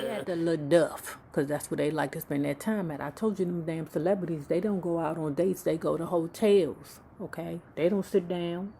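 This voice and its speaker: Brief: low-pitched woman, sassy gossip host, profane asides, faint noise behind. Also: steady tone, normal speed, creaky, few pauses, dark tone. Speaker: YouTube book club host. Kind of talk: casual gossip storytelling.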